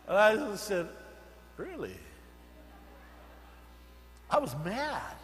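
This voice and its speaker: High-voiced older male preacher in a hall. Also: sing-song, unhurried, pauses often, slight background noise. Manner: storytelling, swings from soft asides to loud emphatic bursts. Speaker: senior pastor. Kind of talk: sermon. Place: church sanctuary.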